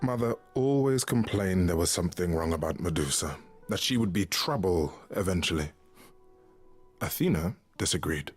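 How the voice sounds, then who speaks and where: An actor playing a gentle, consoling male god, speaking calmly in a husky low voice. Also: normal speed. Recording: game audio with faint music beneath.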